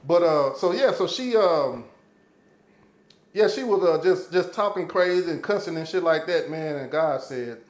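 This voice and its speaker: A man spins a street story in relaxed podcast talk, swearing often and voicing each person he quotes. His voice sits high, and the room around him rings with echo. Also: normal speed. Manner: profane, animated storyteller, acting out quotes. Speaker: podcast guest. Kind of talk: casual storytelling chat.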